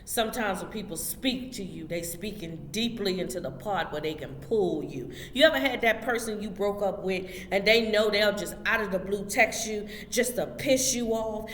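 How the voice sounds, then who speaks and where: A woman's voice: medium pitch, normal speed, few pauses, a bit bright. A woman delivers a motivational spiritual talk, pressing each point with the emphatic push of a preacher and speaking straight to her listeners. Her voice rings through a roomy hall with a long reverb tail. A faint background hum sits underneath. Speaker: host.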